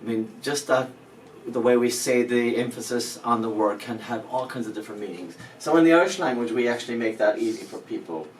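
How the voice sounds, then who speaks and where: A man's voice: mid-range voice, a little fast. A male language teacher explaining pronunciation step by step, patient and lightly joking. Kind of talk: spoken language lesson. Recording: roomy echo, mic at a distance, faint background noise.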